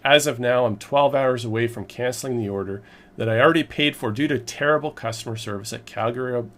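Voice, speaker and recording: A man tells his story straight to the camera in a loose, rambling vlog style. His voice sits in an ordinary middle pitch, and his emphatic, exasperated delivery keeps the telling lively. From Canada. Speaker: vlogger recounting a purchase.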